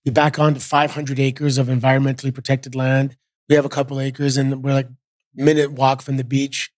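A man's voice: medium pitch, a little fast, dry recording, clean studio sound. A middle-aged man from Canada, a podcast guest chatting casually and telling stories with lots of fillers. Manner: relaxed storyteller, many fillers. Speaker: guest, former wrestler. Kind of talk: casual interview chat.

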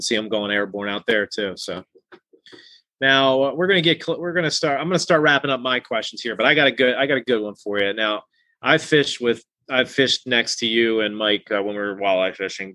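A man's voice: lowish voice, pushed and bright, dry recording. A man in his thirties hosting a casual fishing interview, easygoing and telling stories with restarts. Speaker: podcast host.

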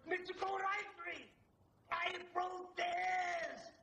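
An actor playing a fussy, easily outraged male landlord in a shrill, strained voice, protesting slowly and with exaggeration. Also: little pitch movement, pushed and bright, full character voice. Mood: indignant. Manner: slow, exaggerated protesting delivery. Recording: echoey, distant old film clip.

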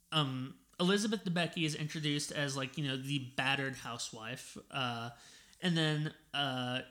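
Male podcast co-host, bright and eager, animated scene recaps. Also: on the high side. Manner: excitable, retells scenes with quoted dialogue. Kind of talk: casual film discussion.

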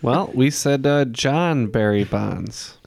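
A man's voice: mid-range voice, animated, takes it slowly, gravelly, darkish tone. A man playing trivia on a podcast who cracks puns and wisecracks. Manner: wisecracking, pun-loving.

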